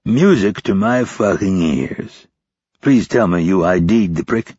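A man doing a gruff, swearing spy chief. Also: deep voice, animated, unhurried, darkish tone, dry recording, heavily acted. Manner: blunt, impatient, swears often. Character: gruff, profane senior male intelligence officer. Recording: dull, dry lo-fi recording.

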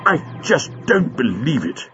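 A man voicing an excitable, fussy elderly male professor who splutters when flustered, on a dull lo-fi recording. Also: mid-range voice, slow pace, over loud music, voice pushed up.

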